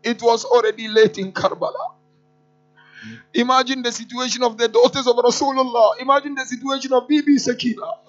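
High-voiced man preaching a mournful sermon. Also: little pitch movement, fairly quick, fairly bright tone. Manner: impassioned, prompts listeners with 'huh?'. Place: mosque. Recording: dull lo-fi with faint music.

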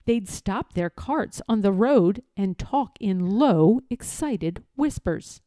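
Slow, expressive woman reading a picture book. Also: mid-range voice, dry recording. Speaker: children's book reader. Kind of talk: picture-book read-aloud narration.

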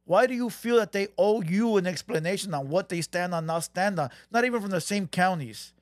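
Man, high voice, heated repetitive rant, dry close sound. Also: brisk, dry recording. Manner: heated, repetitive ranting with Spanish slang. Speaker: reaction channel host. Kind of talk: reaction commentary.

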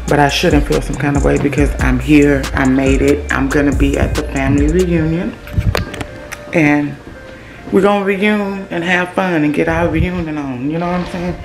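A woman's voice: low-pitched, vocal fry. A woman from Louisiana with a Southern accent, talking casually and emotionally to her viewers while filming outdoors on a handheld phone. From Louisiana, USA. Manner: chatty, emotional, keeps calling viewers "y'all". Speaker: vlogger. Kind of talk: casual vlog chat to viewers. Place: outdoors at a rural family property. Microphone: handheld phone camera.

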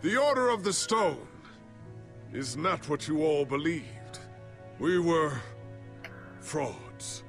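A man's voice: a little high, animated, takes it slowly, long pauses, fairly bright tone, faint music behind, full character voice. An actor playing a proud older male warrior hero in a video game, speaking in a solemn, confessional way.

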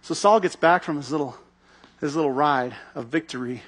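A man's voice: fairly high pitch, moderate pace, a bit bright, husky. A man giving a sermon as pastor, telling a story animatedly and acting out its scenes.

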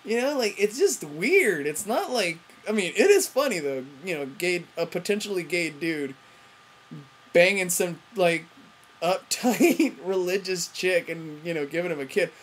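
Husky-voiced woman ranting. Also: on the low side, expressive, a little slow. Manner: profane, rambling, frustrated ranting; frequent self-interruptions and fillers. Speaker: TV review vlogger. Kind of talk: ranting TV episode review.

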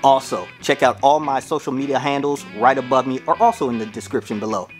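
A man hosting a reaction video, chatting excitably to his viewers with laughing asides. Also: medium pitch, fast. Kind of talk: casual reaction commentary. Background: music video playing faintly.

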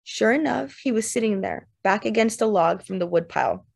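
A woman's voice: medium pitch, very animated, gravelly, a little mellow. Woman reading a literary novel aloud. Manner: measured, lyrical first-person narration. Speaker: audiobook narrator.

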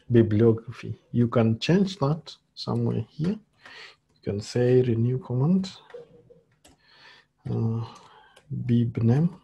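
A male lecturer walks through a screen-share coding tutorial at a slow, halting pace, with lots of fillers. His voice is gravelly and husky, with a dark, mellow tone. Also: medium pitch.

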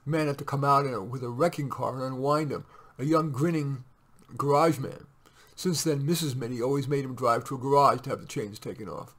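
Male reader, mid pitch, steady measured story narration. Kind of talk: reading a short story aloud.

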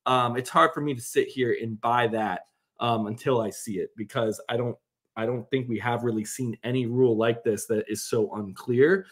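A man's voice: mid-range voice, steady tone, normal speed. A man co-hosting a podcast, chatting casually about sports in a rambling way with lots of fillers. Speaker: podcast co-host.

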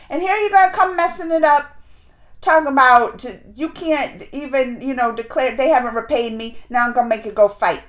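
A woman giving a casual, emotional reaction review of a TV series, rambling with many restarts and swinging between hushed and loud. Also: sits high. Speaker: show reviewer.

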